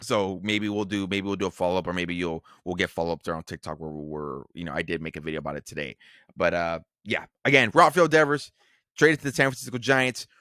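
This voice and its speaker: A man's voice: deep voice, fast, bright, forceful tone, no room sound, clean studio sound. A man co-hosting a casual podcast, rambling with plenty of fillers, restarts and swearing. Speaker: podcast co-host.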